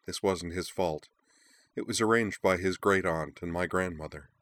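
A man's voice: sits low, normal speed, no echo. A man reading a curt young noblewoman. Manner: curt, quiet. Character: blunt young noblewoman, gruffly fond.

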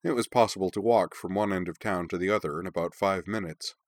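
Male audiobook narrator, very low, calm and even, dry read. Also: fast talker, dry recording.

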